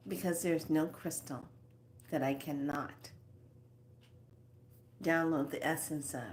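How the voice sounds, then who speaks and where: Female host, slow unhurried delivery, lower voice, casual spiritual talk with quiet asides. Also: steady tone, a little hiss or hum. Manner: slow, rambling, with soft asides.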